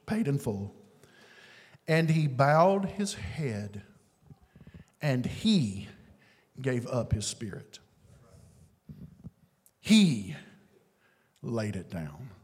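A man preaching a sermon, swinging from booming declarations to hushed, drawn-out phrases. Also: lively intonation, big-room sound. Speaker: pastor.

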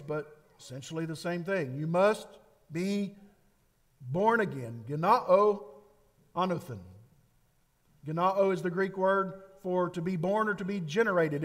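A man preaching a sermon, emphatic and repetitive, with dramatic pauses. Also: sits high. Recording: long hall reverb.

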